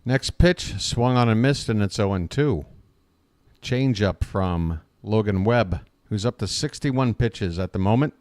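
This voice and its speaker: A man's voice: on the low side, measured pace, darkish tone, dry recording, studio quality. A man hosting a live fan play-by-play stream, chatty, often calling his listeners folks, with frequent fillers.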